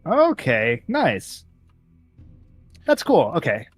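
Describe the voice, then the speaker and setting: A man's voice: on the high side, huge pitch swings, extremely slow, slightly rough, dry recording, faint music behind. A man taking part in a tabletop game, speaking earnestly and steadily in character and out of it. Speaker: player.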